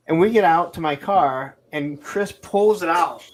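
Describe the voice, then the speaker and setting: A man with a somewhat high speaking voice, chatting casually on a home live stream. He spins long rambling stories, slipping into other people's lines and laughing as he goes. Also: normal speed. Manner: rambling anecdotes, acts out quotes, laughs often. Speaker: co-host of a toy live stream. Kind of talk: casual storytelling chat. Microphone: streaming mic.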